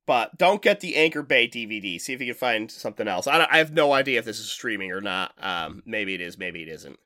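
A man's voice: fairly low pitch, lively intonation, fast, sharp tone, dry recording, studio quality. A man co-hosting a podcast in casual chat, rambling and swearing as he talks, laughing often. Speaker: podcast co-host.

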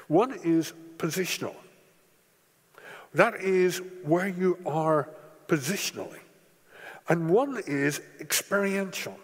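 A man preaching a sermon in a lively, rising and falling voice that sits a little high. His tone is slightly husky, and he drives points home by repeating key words. Long church reverb trails after each phrase.

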